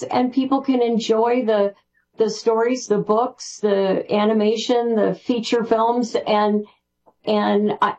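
A woman guest on a radio interview, talking excitedly and rambling with restarts. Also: on the high side, low-quality recording. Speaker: spiritual author guest. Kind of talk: interview answers.

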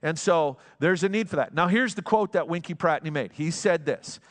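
Middle-aged pastor preaching in a reverberant hall. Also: male voice, a little high, normal speed. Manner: conversational storytelling preacher, frequent restarts. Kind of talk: sermon. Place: church sanctuary.

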